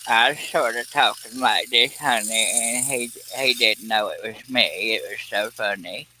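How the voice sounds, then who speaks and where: A man voicing a chatty elderly woman who calls people honey, talking softly. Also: mid-range voice, a little slow, a little hiss or hum, rough recording. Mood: amused.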